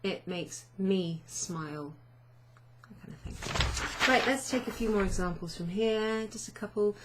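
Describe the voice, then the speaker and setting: A woman's voice: mid-range voice, a little slow, noisy background. A woman teaching a chatty, self-deprecating online language lesson, often asking learners questions.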